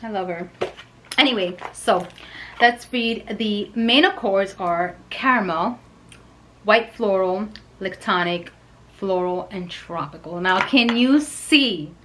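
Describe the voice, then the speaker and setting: Woman vlogger, gushing perfume reviewer, unhurried delivery, mid-pitched. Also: background noise. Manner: gushing and excitable, with soft whispered asides. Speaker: fragrance reviewer. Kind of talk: unboxing and review vlog.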